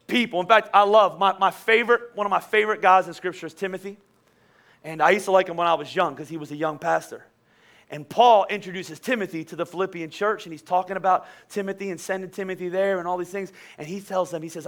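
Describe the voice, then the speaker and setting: A man's voice: sits high, a little fast, fairly bright tone. A man in his forties preaching a sermon in a conversational way that builds to emphatic peaks. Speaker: pastor.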